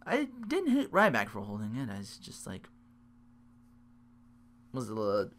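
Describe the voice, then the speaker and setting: A man's voice: fairly low pitch, huge pitch swings, unhurried, a bit bright. A tired man hosting a solo podcast, rambling and interrupting himself as he recaps. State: sleep-deprived. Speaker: podcast host.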